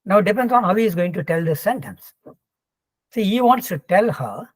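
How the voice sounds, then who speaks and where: A man's voice: high voice, animated, normal speed, no echo. An older man, giving an informal webinar lecture over a video call. He explains with everyday examples and keeps checking in with "okay.". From India. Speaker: professor giving a webinar talk.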